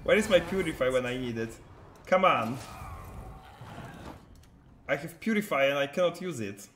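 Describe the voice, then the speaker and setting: A slightly high, bright, animated voice comments on a live card game at normal speed, with a little hiss or hum in the background. The streamer is chatty, answering viewer chat as he plays, and the room adds an echo.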